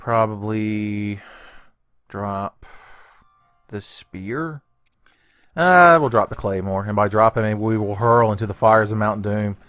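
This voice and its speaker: A man's voice: lowish voice, slow, pauses often, a bit bright, smooth, dry recording, soft background music. Joking man rambling through game commentary. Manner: joking, rambling, laughs often, swears casually. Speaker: gaming channel host. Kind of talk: let's play commentary.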